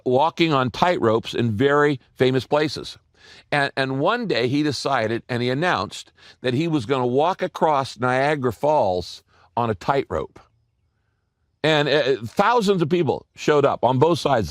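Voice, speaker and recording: A man preaching a sermon as a pastor, telling stories, speaking straight to his listeners, repeating key lines and dropping his voice low to press a point home. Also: no echo, clean studio sound. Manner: earnest, direct address to listeners.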